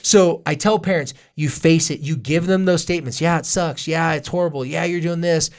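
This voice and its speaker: A man co-hosting a parenting podcast, chatting casually and acting out quoted parents and kids. His voice sits a touch higher than most men's. He keeps it loose and jokey. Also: fairly even intonation, moderate pace. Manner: jokey asides. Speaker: podcast co-host, parenting therapist.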